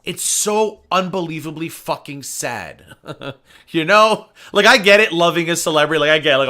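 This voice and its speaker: A man hosting a casual reaction stream, profane, swinging between muttered asides and loud outbursts. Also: on the high side, animated, moderate pace. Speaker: drama channel host.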